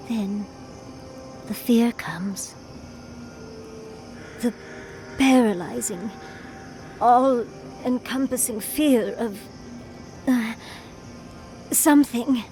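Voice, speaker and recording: An actress voicing a furred female adventurer companion in a video game, with a wry, teasing manner that tosses out darling and dear. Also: mid-range voice. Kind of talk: video game character dialogue.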